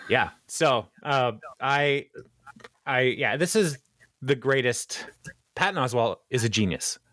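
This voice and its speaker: A man's voice: mid-range voice, lively intonation, slow pace, a bit bright, no echo. A man co-hosting a podcast, casually recapping a sitcom episode with playful jokey asides. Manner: playful, jokey asides, dips into mock voices. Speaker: podcast co-host.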